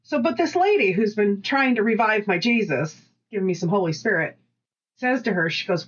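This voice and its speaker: A woman co-hosting a casual podcast, telling animated work stories, acting out voices and swearing freely. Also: medium pitch, normal speed, highs cut off. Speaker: podcast co-host. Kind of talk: casual storytelling chat.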